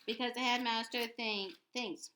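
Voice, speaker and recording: A woman reading the lines of a cold, sneering male teacher in a quiet, smooth way, spelling words out, in a noisy home recording. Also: a little high, fairly even intonation, a little slow.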